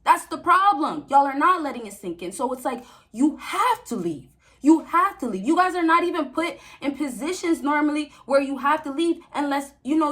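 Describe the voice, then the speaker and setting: Young woman vlogger, high voice, preachy and emphatic, repeats points, chatty advice to camera. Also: fairly bright tone. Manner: preachy, emphatic, repeats phrases, laughs often. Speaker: vlogger giving dating advice to men. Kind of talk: casual direct-to-camera advice talk.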